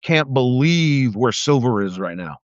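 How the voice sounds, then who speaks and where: With an animated, medium-pitched voice, a little on the slow side, an older man rants angrily about politics during a livestream. His talk is profane and mocking, and he stammers into restarts when he's heated. No echo in the dull, dry, lo-fi stream audio.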